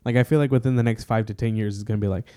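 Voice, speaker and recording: A man's voice: lowish voice, fairly even intonation, racing, warm tone, clean tone, no echo. A man co-hosting a podcast in casual chat, laid-back, laughing easily and swearing casually. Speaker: podcast co-host.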